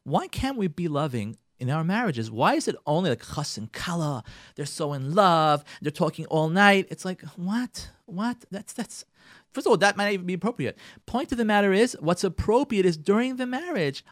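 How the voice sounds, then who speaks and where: A man's voice: high-pitched, very animated, a little fast, no echo, clean studio sound. Emphatic man giving marriage advice. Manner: emphatic, repeats phrases, sprinkles Hebrew and Yiddish terms. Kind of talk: impassioned monologue.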